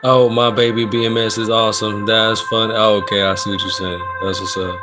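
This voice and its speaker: A man's voice: lowish voice, little pitch movement, a little fast, over loud music. A man hosting a casual livestream, reading viewers' comments aloud in a laid-back, joking, slangy way. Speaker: livestream host doing personal readings.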